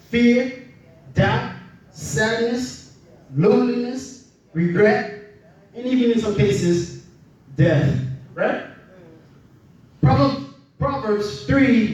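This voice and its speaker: A man's voice: high voice, darkish tone, heavy reverb, recorded from a distance, rough recording. A man from the Bahamas, preaching a sermon in a conversational way and often asking "right?".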